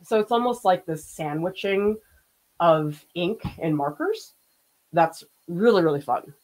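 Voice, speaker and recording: A woman's voice: fairly low pitch, expressive, a little slow, a little mellow, low-quality recording. Chatty woman teaching art on a livestream. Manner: chatty, laughs often, reads out viewer comments. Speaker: art teacher doing a live painting demo. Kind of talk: casual livestream chat while painting.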